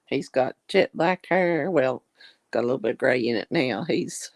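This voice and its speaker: A woman's voice: very deep voice, expressive, normal speed, gravelly, no room sound. A woman, chatting casually on a video call in a folksy, drawling way. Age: 60s. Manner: chatty, folksy, yawning and laughing.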